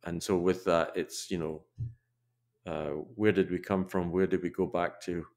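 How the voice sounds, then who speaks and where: An older man, a podcast guest and researcher, chatting in an interview with a reflective, halting manner and frequent restarts. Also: low voice, flat delivery, a little mellow. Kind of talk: casual interview chat.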